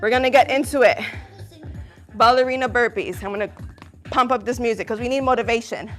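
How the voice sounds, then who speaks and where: A woman's voice: on the high side, fairly quick, a bit bright. Upbeat woman coaching a live workout. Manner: upbeat, encouraging, counting reps. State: out of breath. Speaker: fitness instructor. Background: workout music.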